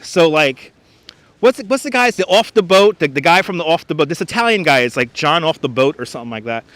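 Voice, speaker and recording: A man's voice: fairly high pitch, lively intonation, fairly quick, a bit bright, no room sound. A man hosting a casual live stream from a winter beach on a clip-on mic, chatting and reading out viewer comments. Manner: chatty, reads out viewer comments, slips into put-on voices. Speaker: livestream host. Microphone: wireless clip-on mic.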